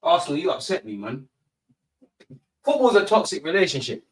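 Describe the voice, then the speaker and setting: A man's voice: on the high side, moderate pace, breathy edge, no room sound. A young man, ranting and swearing in exasperation as a football fan channel host. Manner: animated, profane, exasperated ranting.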